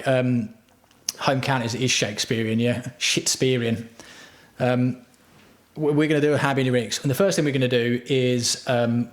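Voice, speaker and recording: A man hosting a livestream, telling crude, self-mocking stories in a rambling, profane way. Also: medium pitch. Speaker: livestream host. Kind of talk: rambling casual livestream chat. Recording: roomy home room.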